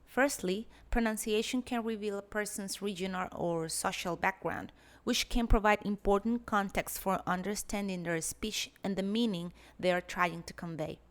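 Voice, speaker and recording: Woman w/ a giving a lecture, measured and explaining, voice in the middle range. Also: mid-range voice. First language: Spanish. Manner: measured, explanatory, demonstrates examples aloud. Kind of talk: academic lecture narration.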